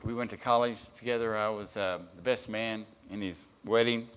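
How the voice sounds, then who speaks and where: A man's voice: lowish voice, fairly even intonation, normal speed, a bit bright, smooth. A man preaching as a guest speaker, telling a story in a sermon with restarts and filler words.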